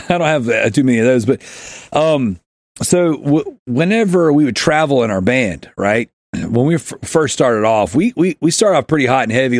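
A man hosts a podcast, rambling through a humorous story, laughing, and acting out quotes in a shout. His voice is mid-range, and the recording is dry and studio quality.

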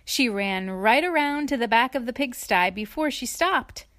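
A woman reading a children's story aloud in an expressive, playful way, adding asides to her listener. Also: a little high, moderate pace, no echo, studio quality.

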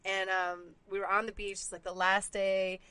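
A woman co-hosting a casual chat, telling a story in an animated, profane way, laughing and acting out the quotes. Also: medium pitch, normal speed, clean tone. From Puerto Rican background.

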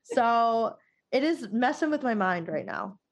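A woman's voice: a little high, expressive, a little slow. A young woman hosting a casual podcast chat, rambling with lots of fillers and frequent laughter. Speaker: podcast host.

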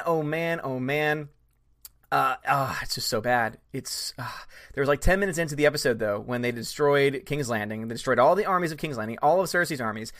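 A young man hosting a live stream, chatting casually and reading out viewer comments in a rambling, animated way. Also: a little high. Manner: rambling, animated, frequent restarts and laughs.

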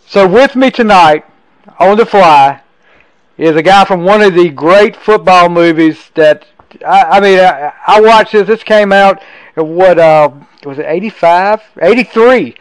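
A podcast host talks eagerly from his home in a tiny town, keeping a casual interview style and often restarting his sentences. His voice sits high, smooth and unhurried, and the rough recording has no echo.

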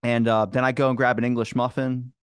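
A man hosting a podcast, telling a rambling story in a casual, animated way and swearing freely. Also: mid-range voice, fairly quick, clean tone, no echo, studio quality. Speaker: podcast host. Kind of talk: casual chat.

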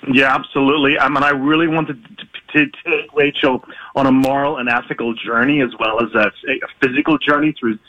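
A man's voice: mid-range voice, steady tone, fairly quick, no echo, highs cut off. A man with an Irish accent, an author guest talking chattily about his book in a radio interview from his apartment. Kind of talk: radio interview by remote line.

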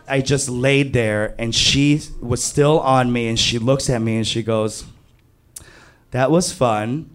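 Animated man telling a stand-up story. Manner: animated, jumps to high panicked yelps when quoting himself. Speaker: stand-up comedian.

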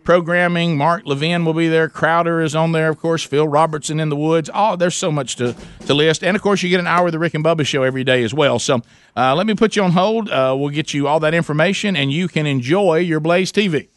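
A man hosting a radio call-in show, calling a prize wheel and chanting and shouting as it spins. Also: fairly high pitch, brisk, dry recording.

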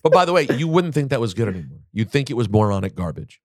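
A podcast host argues his points emphatically in a casual chat, quick to push back hard. His medium-pitched voice is very animated, recorded dry with studio quality.

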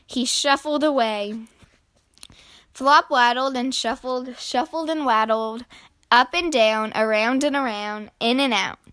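A woman reads a children's picture book aloud at an unhurried pace, with a bright, slightly high voice. She speaks clearly and gently, as a storytelling host does for small kids. The sound is close and dry. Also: no room sound.

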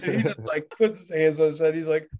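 Young Indiana man, podcast guest; lively storyteller who acts out quotes and laughs easily. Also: fairly high pitch, fast talker, crowd noise. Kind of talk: casual storytelling chat.

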